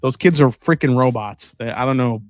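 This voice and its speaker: A man's voice: mid-range voice, normal speed, no room sound, faint music behind. A man hosting a live stream, chatting casually and rambling while tasting and answering viewer comments. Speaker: host.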